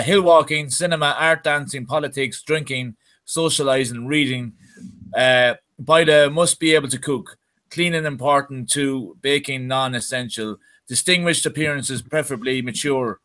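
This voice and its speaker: A man's voice: mid-range voice, bright, forceful tone. An Irish man on a chat show panel, reading aloud in a jokey way with wry asides. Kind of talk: casual studio chat.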